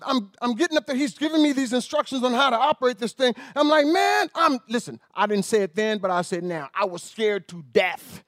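A man preaching a sermon as an animated, rambling storyteller. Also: extremely high pitch, dry recording, clean studio sound.

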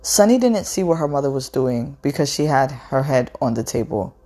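A woman reading a novel aloud in a measured, unhurried way, with an occasional stumble over a word. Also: a bass voice, expressive, warm tone, faint music behind.

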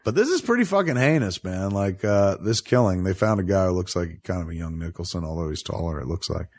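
A man's voice: deep voice, expressive, fairly quick. Man riffing profanely over a film. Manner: profane, joking, rambling. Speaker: podcast host. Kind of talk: casual film commentary.

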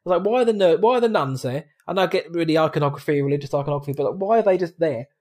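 A man talks films in a loose, chatty way. His voice sits a little high. He drops into quick mimicry of film lines as he goes. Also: darkish tone. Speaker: podcast co-host. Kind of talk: casual film review chat.

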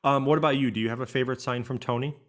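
A man co-hosting a podcast, telling stories in a relaxed way with lots of fillers. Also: mid-range voice, racing. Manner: relaxed storytelling with frequent fillers. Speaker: podcast co-host. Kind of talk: casual chat.

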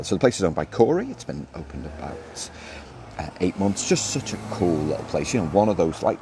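A man hosting a casual solo podcast, chatting in a rambling, self-interrupting way while sitting outside a café. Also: very deep voice. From Australia. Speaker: podcast host. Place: outdoors at a street café. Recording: noisy outdoor street recording. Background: street ambience, birds and passing cars.

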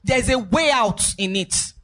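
A woman's voice: fairly high pitch, unhurried, a bit bright. A woman preaching a sermon, emphatic and repetitive, with sing-song rises in her voice.

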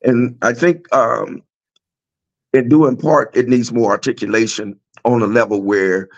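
A man's voice: mid-range voice, fairly even intonation, unhurried. A man guest on a podcast, talking reflectively about spiritual matters with frequent "you know". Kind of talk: casual chat. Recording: dull lo-fi sound.

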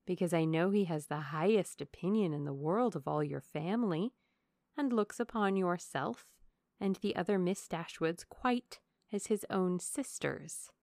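A woman's voice: lowish voice, a little slow, darkish tone, no room sound, studio quality. A woman voicing a coy, fawning young woman who confides in a gushing, falsely humble way. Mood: confiding.

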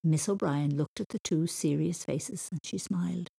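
A woman reading a children's story aloud in a gentle storytelling manner. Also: fairly low pitch, normal speed, gravelly, few pauses, breathy edge.

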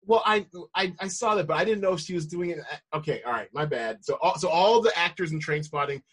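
American guy on a podcast, husky, kinda high, rambles and restarts a lot. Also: expressive, quick pace, a bit bright. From United States. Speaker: podcast co-host. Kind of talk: casual chat.

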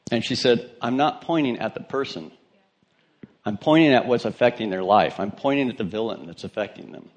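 A man preaching a sermon in a church, telling stories in a conversational way and joking with his congregation. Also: fairly high pitch. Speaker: pastor.

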